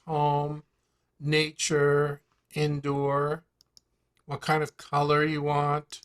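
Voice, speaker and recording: Slow, chatty man demoing software. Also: fairly high pitch. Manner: chatty salesman, rhetorical questions, uneven emphasis. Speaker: host presenting an online tool demo. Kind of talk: casual live demonstration on a call.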